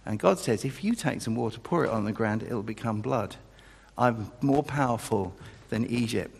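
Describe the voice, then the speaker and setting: A man preaching a sermon, animated and acting out the dialogue of the figures he quotes, often breaking off and restarting. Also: moderate pace, creaky, breathy edge. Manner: animated, acts out quoted dialogue with pitch jumps, self-interrupting. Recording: long reverb of a large hall.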